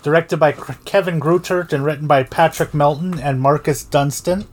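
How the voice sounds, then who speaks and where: A woman with an unusually deep, low voice co-hosts a movie podcast. She speaks in a dry, low-key way, calmly listing cast and crew. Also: moderate pace. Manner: dry, low-key, reads off film credits. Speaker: podcast co-host. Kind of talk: casual chat about movies.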